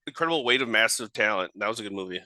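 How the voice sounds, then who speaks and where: A man hosts a casual movie-watch podcast, and his bright, sharp voice moves lively up and down. He mostly gives short replies and laughs along. The sound is dry. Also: lowish voice, very fast, dry recording. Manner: brief, chuckling replies. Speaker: podcast host. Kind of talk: casual movie commentary chat.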